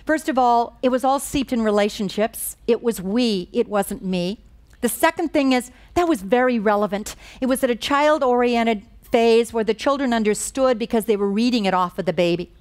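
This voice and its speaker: A woman's voice: a little high, normal speed. A woman giving a lecture on moral education, telling stories in an earnest, emphatic way. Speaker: guest speaker on moral education. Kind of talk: lecture with storytelling.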